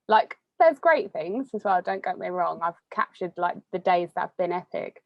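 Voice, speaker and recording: A young woman, chatting casually as an interviewee, full of fillers and quick laughs. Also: on the low side, animated, creaky, no echo, muffled recording. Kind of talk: casual conversation.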